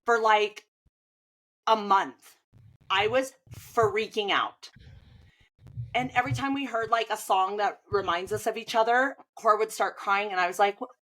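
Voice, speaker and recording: A swim coach in her thirties speaks at a measured pace, medium-pitched, with long pauses, on a rough recording. Even so, she's chatty and animated in casual conversation, retelling things with frequent "like" fillers.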